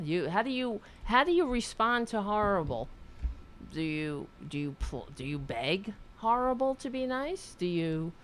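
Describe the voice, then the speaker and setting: A woman hosting a political talk show speaks bluntly and swears freely, often breaking off and restarting her sentences. Her pitch sits in the middle of the range but rises and falls with lively expression. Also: a little hiss or hum. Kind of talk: casual political talk with a caller.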